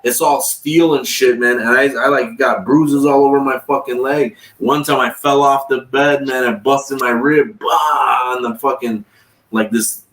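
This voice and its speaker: On a livestream, a man tells long, profane, rambling stories in a casual way, acting out what other people said. His voice is medium-pitched, steady, and fairly bright, at a measured pace. The room is echoey and he's far from the mic.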